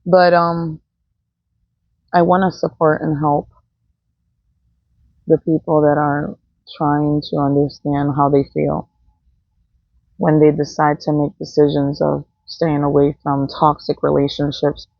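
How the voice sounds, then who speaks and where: A woman's voice: sits low, monotone, slow, vocal fry, pauses often, dry recording. A woman talking in a blunt, profane, rambling unscripted monologue as a vlogger. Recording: dull, dry, lo-fi sound.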